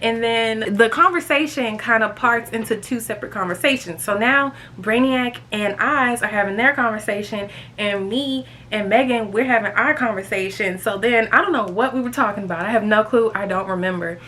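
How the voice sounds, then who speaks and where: Young woman, storytime vlogger, chatty, animated, bright tone, faint background noise. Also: moderate pace, hardly any pauses. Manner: chatty, animated, jumps high when quoting friends. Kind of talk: casual storytime vlog.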